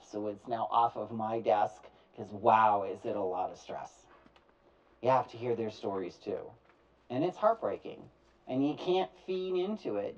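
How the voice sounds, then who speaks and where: Man, storytelling talk, animated, plays out both ends of calls; distant dull recording. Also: mid-range voice. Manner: animated, acts out both sides of phone calls. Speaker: speaker telling his story.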